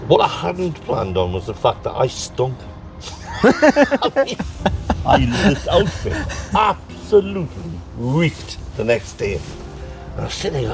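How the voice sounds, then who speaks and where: A man with a Tyneside accent tells stories in a relaxed chat as an interview guest. He laughs his way through them, acts out the quotes, and his pitch swings widely. His voice is gravelly, and faint music plays behind him. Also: distant mic. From North East England. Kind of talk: casual storytelling chat.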